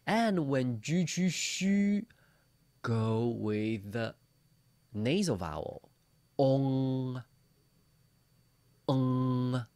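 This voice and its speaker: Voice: mid-range voice, animated, drawn-out words, a little mellow, dry recording. A Mandarin teacher giving an online beginner lesson, playfully demonstrating sounds and asking learners to repeat after them.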